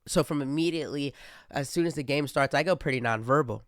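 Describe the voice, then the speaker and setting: A man's voice: medium pitch, fast, dry recording, clean studio sound. A young man hosting a casual monologue, rambling with many fillers and restarts. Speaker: podcast host.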